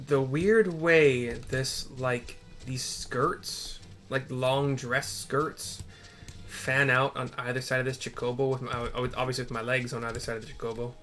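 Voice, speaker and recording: A man's voice: mid-range voice, measured pace. Man, casual game commentary, rambling, lots of fillers, faint music behind. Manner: rambling, filler-heavy, easily excited. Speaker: gamer playing through a quest.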